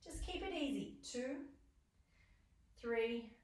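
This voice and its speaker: A high-voiced woman coaches a stretch class, counting reps aloud and calling out cues with steady encouragement. Her voice rings through a very echoey room, caught from a distance. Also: slow. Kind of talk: guided exercise class instruction. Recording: roomy echo, voice from far off.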